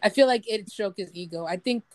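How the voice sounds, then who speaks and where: A woman's voice: medium pitch, brisk, a little mellow, dry recording. A young woman co-hosting a casual chat podcast, rambling with lots of "like" and giggling. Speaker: podcast co-host.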